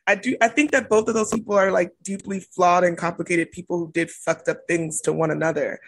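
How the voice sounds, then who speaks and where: Husky, fry-laced woman chatting frankly. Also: lowish voice, fairly even intonation. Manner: frank, profane, drawn-out emphasis. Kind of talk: casual chat.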